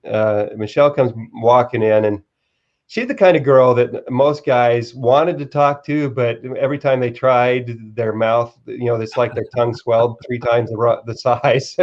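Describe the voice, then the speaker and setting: A man's voice: medium pitch, a little mellow, lo-fi sound. A man who is a guest author, earnestly telling a personal story in a live-stream interview, often restarting his sentences. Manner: earnest, halting with repeated restarts.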